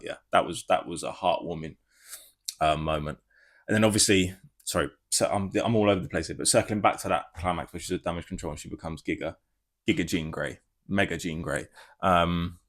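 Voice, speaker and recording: Excitable rambling man. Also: deep voice, a little fast. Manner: excitable, rambling, swears freely. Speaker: film reviewer. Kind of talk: casual spoiler review.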